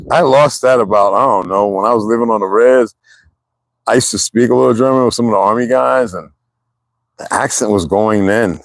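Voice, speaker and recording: A man in his sixties with a lowish voice talks loosely to his livestream viewers, rambling from one thing to the next and laughing often. The sound is dry and close, with almost no room echo. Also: gravelly. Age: 60s. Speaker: livestream host. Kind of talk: casual livestream chat.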